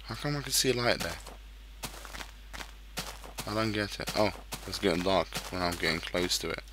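Swearing deep-voiced gamer man. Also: animated, normal speed, noisy background. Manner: swears a lot, frustrated outbursts. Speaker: gaming YouTuber. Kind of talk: casual gameplay commentary.

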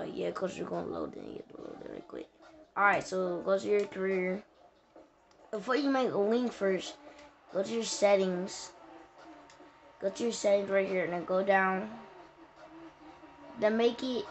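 A woman talking through a video game walkthrough in a casual, rambling way, full of slang and restarts. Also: medium pitch. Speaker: gaming tutorial host. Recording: dull lo-fi sound with faint noise.

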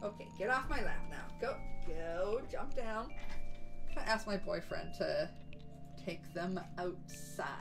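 Chatting with viewers from home, a young VTuber streamer keeps things bubbly and chatty, cooing in baby talk to her dogs. Her voice is mid-range and animated with vocal fry, at a measured pace. Music plays behind her and the recording is rough.

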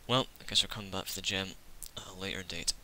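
Male gamer, low-ish voice with a very bright, tense edge; dry sarcastic running commentary. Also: slight background noise. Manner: sarcastic, joking asides to the game. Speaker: let's play gamer. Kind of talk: casual gameplay commentary.

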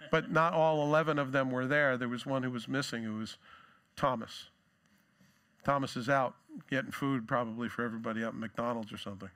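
In a conversational sermon full of jokes and asides, a male pastor acts out quoted lines with lift and force. His mid-range voice stays bright and forceful the whole way through.

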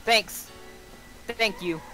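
A man trades gaming banter in a bright, tense voice pitched a little high. He sounds fed up and dry, deadpan through most of it. Faint music runs underneath. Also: drawn-out words, low-quality recording. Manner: exasperated, deadpan. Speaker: gamer playing with friends.

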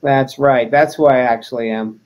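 A man's voice: medium pitch, normal speed. Give me a man chatting in an interview, playful and self-deprecating. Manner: joking, self-deprecating, animated. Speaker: wrestler, interview guest. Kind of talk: casual interview chat.

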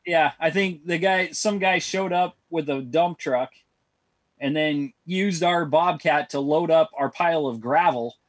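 A man talking as a podcast guest, relaxed and matter-of-fact as he explains things. His voice sits a bit higher than most men's. The recording is close and dry. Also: a little slow, no echo. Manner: calm, matter-of-fact storytelling. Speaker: podcast guest, former boss. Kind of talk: casual chat.

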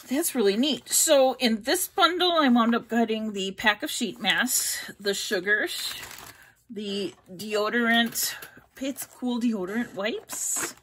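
A woman's voice: medium pitch, fairly bright tone, a little hiss or hum. A middle-aged woman chatting casually as she unboxes beauty products, reading labels aloud and stumbling over ingredient names. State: hiccups. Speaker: unboxing vlogger.

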